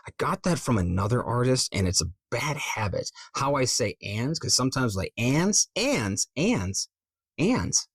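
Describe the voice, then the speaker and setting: A man in his late forties talks through voice-over technique in a loose, rambling vlog and mocks himself with plenty of swearing. His voice sits at an average pitch for a man. The sound is close and dry, with almost no room in it. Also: expressive, moderate pace, few pauses, breathy edge, no room sound. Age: 40s. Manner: profane, rambling, self-mocking. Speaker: voice actor. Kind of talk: casual vlog teaching script reading.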